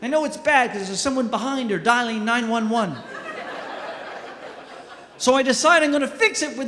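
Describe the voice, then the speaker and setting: A man's voice: very high voice, moderate pace, long pauses, bright, forceful tone. A middle-aged man doing a stand-up comedy set, telling self-mocking stories with punchy delivery. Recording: echoey hall with long reverb, faint noise.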